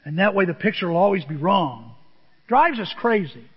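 Animated older man preaching, high voice. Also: normal speed, breathy edge. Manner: animated, self-deprecating storytelling with dramatic swings from soft to loud. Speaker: pastor. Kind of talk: sermon. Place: church sanctuary. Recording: muffled audio with long hall reverb.

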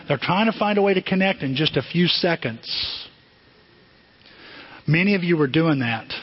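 A male pastor preaches in a chatty, conversational way, tossing rhetorical questions at his listeners. His voice is husky and sits a little higher than most men's. The recording sounds dull and lo-fi. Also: lively intonation, moderate pace. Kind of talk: sermon.

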